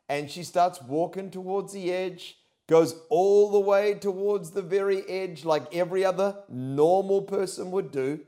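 Loud animated New man preaching. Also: on the high side. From New Zealand. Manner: loud, animated storytelling with sudden shouts. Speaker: pastor. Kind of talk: sermon.

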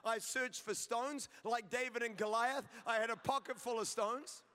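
A man's voice: extremely high pitch, fairly even intonation, normal speed, sharp tone, clear, resonant tone. A middle-aged man preaching a sermon, telling humorous stories and building to emphatic declarations. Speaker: pastor. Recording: reverberant hall.

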